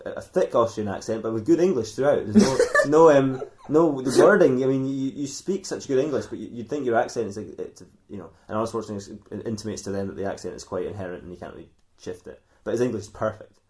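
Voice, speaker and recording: A man's voice: on the low side, fast, hardly any pauses, darkish tone. A man co-hosting a comedy podcast, telling a silly fan fiction story in a rambling way and laughing often at his own jokes.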